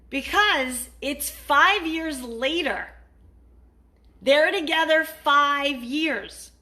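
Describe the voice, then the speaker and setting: Blunt, bright-voiced woman coach. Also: sits high. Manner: blunt and profane, acts out quoted partners. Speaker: dating and relationship coach. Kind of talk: casual advice vlog monologue.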